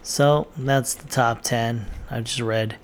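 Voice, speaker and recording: A man's voice: mid-range voice, fairly even intonation, takes it slowly, a little hiss or hum. A man giving blunt, offhand opinions in casual commentary, with plenty of fillers. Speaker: vlogger reacting to movie lists.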